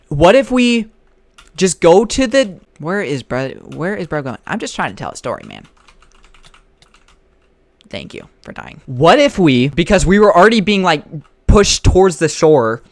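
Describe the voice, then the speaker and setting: A man's voice: fairly high pitch, no room sound. A young man casually telling a rambling story while playing a game and reacting to it. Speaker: gaming storyteller. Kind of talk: casual storytime over gameplay.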